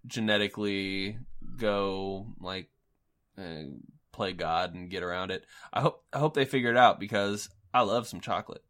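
A man's voice: fairly low pitch, moderate pace, a bit bright. A man co-hosting a podcast, bantering in a teasing, joking way with frequent fillers. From Missouri. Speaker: podcast co-host. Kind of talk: casual chat.

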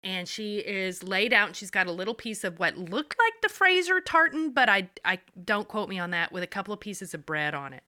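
A woman co-hosting a podcast, telling an episode's story in an animated, profane way. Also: medium pitch, fairly quick, few pauses, dry recording, clean studio sound. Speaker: podcast co-host. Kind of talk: casual episode recap.

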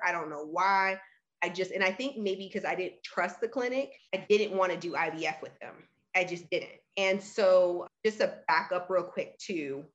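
A woman in her thirties shares her own story in a relaxed conversation. Her voice sits a little low, and she talks candidly and earnestly, speeding up in bursts and leaning on fillers as she goes. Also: muffled recording. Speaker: guest sharing her story.

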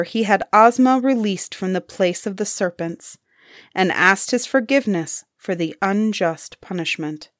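Woman storyteller, slow and deliberate, expressive, dry close sound, mid-pitched. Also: no echo. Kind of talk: storybook reading.

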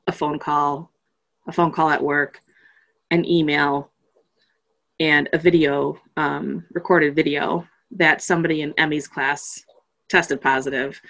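A woman chatting casually about her family, an animated storyteller who laughs often and acts out the voices of others. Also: sits low. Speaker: parent telling a family story. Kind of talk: casual chat.

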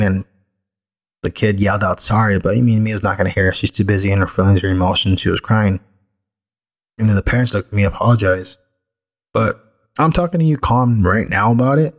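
A middle-aged man with a fairly low voice speaks candidly and reflectively, like someone recounting a personal story on his own podcast. He talks in a loose, conversational way, full of everyday fillers.

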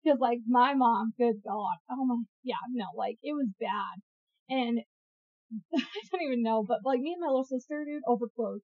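A young woman with a high voice talks in an animated, casual way, laughing often and swearing freely. The recording is close and dry, with a somewhat dull, muffled tone. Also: moderate pace, no room sound. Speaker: podcast co-host. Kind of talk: casual chat.

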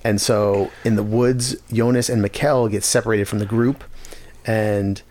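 Low-voiced man recapping casually. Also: steady tone, measured pace, darkish tone. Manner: laid-back storytelling with many fillers. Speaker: podcast co-host recapping a TV episode. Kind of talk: casual chat.

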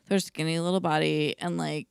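A woman's voice: sits low, flat delivery, a little fast, gravelly, clear, resonant tone, no echo, studio quality. A woman co-hosting a podcast, telling a story in casual chat, full of "like" and laughing as she goes. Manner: chatty storyteller, lots of "like" and laughter. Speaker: podcast co-host.

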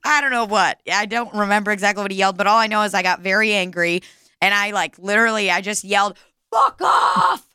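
A young woman telling a story in casual chat, animated and laughing, swearing freely. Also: mid-range voice, fast, clean tone, dry recording, studio quality.

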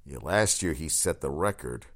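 A man hosting a solo sports podcast, talking in a rambling, excitable way with crude asides and frequent self-corrections. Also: rumbling low, normal speed.

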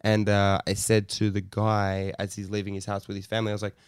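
A man's voice: fairly low pitch, monotone, a little fast, smooth, dry recording, studio quality. A man co-hosting a podcast, telling a story in a rambling, casual way full of likes and restarts. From Australia. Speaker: podcast co-host.

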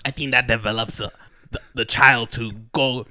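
A performer voicing a shifty, gruff middle-aged male baseball coach in a low, pushy drawl. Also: steady tone, normal speed, pushed and bright. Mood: gruff defensive.

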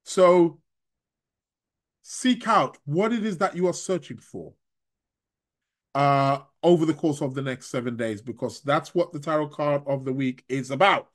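A man who reads tarot, chatting on a live stream and reading out viewer comments, rambling and halting with frequent restarts and chuckles. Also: on the high side. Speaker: astrologer and tarot reader.

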